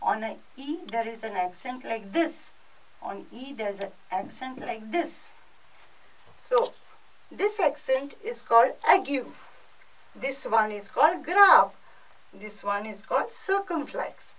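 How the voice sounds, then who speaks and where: A woman's voice: fairly high pitch, expressive, takes it slowly, fairly bright tone, distant mic, poor audio. A female French teacher with an Indian English accent, giving a recorded class lesson and explaining patiently with lots of repetition.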